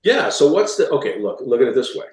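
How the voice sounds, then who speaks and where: A man speaking as an author guest in a casual interview, animated, with quick restarts and repeated words. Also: medium pitch. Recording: roomy echo.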